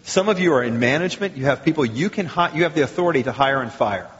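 A male pastor giving a sermon, with lively rhetorical questions and acted quotes. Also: fairly high pitch, fast. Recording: muffled sound with long hall reverb.

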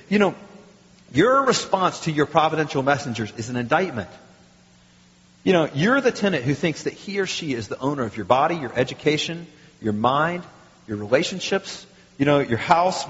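A male pastor giving a sermon, with lively rhetorical questions and acted quotes. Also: a little high. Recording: muffled sound with long hall reverb.

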